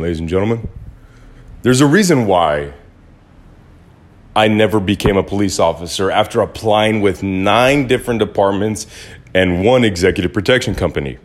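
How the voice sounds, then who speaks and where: Blunt, lower-voiced podcast host. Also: male voice, normal speed, pauses often. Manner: blunt, swears, animated when quoting others. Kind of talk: casual monologue. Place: Los Angeles.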